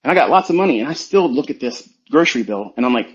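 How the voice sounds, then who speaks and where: A man, a trading mentor, giving a forceful motivational rant full of swearing and rhetorical questions. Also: mid-range voice, expressive, fast talker, hardly any pauses. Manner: forceful, profane, preachy. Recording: dull lo-fi sound.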